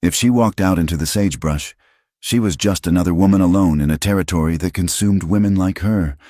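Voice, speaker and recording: Male narrator, very low voice, measured scripted storytelling, dry. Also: mellow, dry recording.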